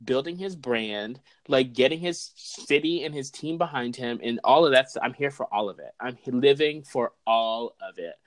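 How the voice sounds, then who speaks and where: Man, mid-pitched voice, casual sports chat, rambling, filler-heavy, profane. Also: normal speed, hardly any pauses. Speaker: podcast co-host.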